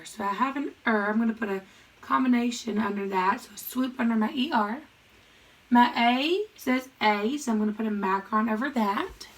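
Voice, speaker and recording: A woman teaching a phonics lesson to young children, slowly sounding out words and thinking aloud as she writes on a board. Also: on the high side, rough recording. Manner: slow, patient, sounds out words. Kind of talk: recorded classroom lesson.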